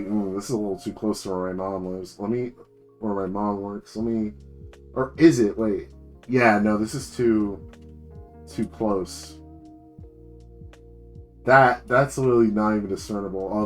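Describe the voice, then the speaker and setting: A young man from New Jersey chatting casually on a live stream, rambling, swearing and full of slang. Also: on the low side.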